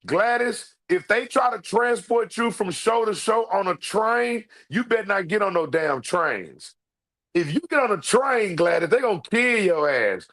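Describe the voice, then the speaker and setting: A man hosting a livestream, his voice sitting high and jumping all over the place. He talks straight to his viewers, loud and emphatic, repeating his points and cursing freely. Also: lively intonation, unhurried. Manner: loud, emphatic, repetitive, profane banter to viewers. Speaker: livestream host. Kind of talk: animated livestream commentary.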